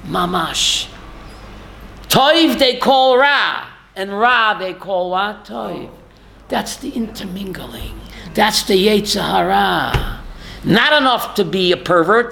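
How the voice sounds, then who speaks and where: A man's voice: sits high, lively intonation, takes it slowly, gravelly, a bit bright. A man giving a rabbi's Torah class, emphatic, firing rhetorical questions and calling on listeners by name.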